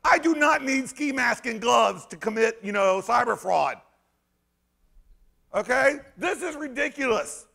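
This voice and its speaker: A man giving an animated conference talk, sarcastic and emphatic, rambling through restarts and breaking into shouts. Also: very high-pitched, measured pace, creaky. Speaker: conference speaker. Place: conference hall stage.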